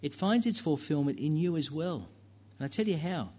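A man's voice: a little high, animated, normal speed, warm tone. Man preaching a conversational sermon. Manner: conversational preaching with fillers and asides to the congregation.

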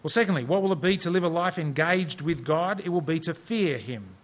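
A man's voice: on the high side, expressive, brisk. A middle-aged man from Australia preaching a sermon in a conversational, self-deprecating storytelling manner.

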